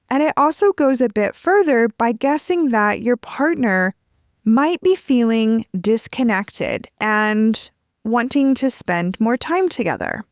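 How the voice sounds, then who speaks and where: Podcast host, woman, gentle and measured advice delivery, dry close studio sound. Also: on the high side, no echo. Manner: gentle, measured, acts out example phrases. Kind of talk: calm advice monologue.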